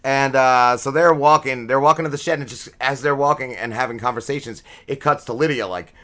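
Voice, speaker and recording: Bright-voiced man recapping a show, rambling. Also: mid-range voice, fairly quick. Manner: rambling, profane, many fillers and restarts. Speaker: podcast co-host. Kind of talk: casual episode recap.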